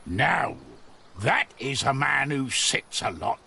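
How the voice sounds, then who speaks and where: A man's voice: mid-range voice, very animated, takes it slowly, gravelly, bright, forceful tone, husky, heavily acted. An actor playing a lazy, cheeky male builder in a game, mocking and bickering. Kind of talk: game voice acting.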